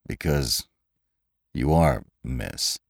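A man voicing a sullen young herdsman in a spoken storybook, dropping into a low, curt growl. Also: drawn-out words, creaky, husky, no room sound, studio quality, exaggerated voice. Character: sullen young male horse herdsman, brooding.

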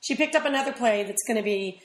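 A woman talks as an interview guest in a loose, rambling way, full of quick asides. Her voice sits a little high. The room around her is echoey. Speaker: actress guest. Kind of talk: casual interview chat.

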